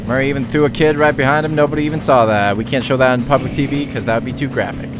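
A man putting on an excitable male race commentator's voice, calling the action in brisk play-by-play that keeps surging in speed. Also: mid-range voice, over music, pitched below the performer's own voice, natural voice. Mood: hyped.

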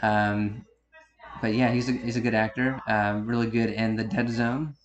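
Guy in his 30s doing a meandering commentary track, fairly low flat voice, echoey room. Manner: meandering, self-correcting, unhurried. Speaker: video commentator. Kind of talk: rambling DVD-style commentary.

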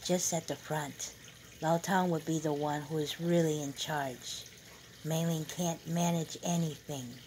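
A woman's voice: mid-range voice, a little slow, a little mellow, a little hiss or hum, close to an everyday voice, rough recording. A woman reading aloud, voicing a proud and bossy older mother who boasts about her son. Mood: whispered. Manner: boastful, emphatic.

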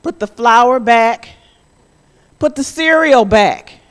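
A woman voicing a patient mother who calmly reassures her daughter in a matter-of-fact way. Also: fairly high pitch, slow, pitched above the performer's own voice. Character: calm, patient mother teaching a lesson.

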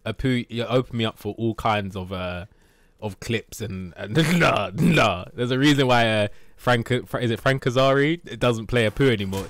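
A man streaming a video game live, chatting casually, swearing, shouting at the game and teasing his cat. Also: on the low side.

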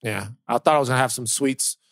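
A male co-host chatting casually, animated and full of jokes. His voice sits mid-range and he rambles through restarts. The recording is dry and close. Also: mid-range voice, fast, no echo. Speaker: podcast co-host. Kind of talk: casual chat.

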